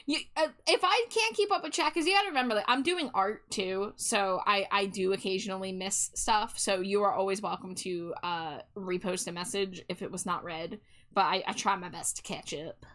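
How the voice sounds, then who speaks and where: A woman's voice: medium pitch, normal speed, a bit bright. A woman streamer chatting casually with her viewers while she draws, reading their messages aloud and laughing often.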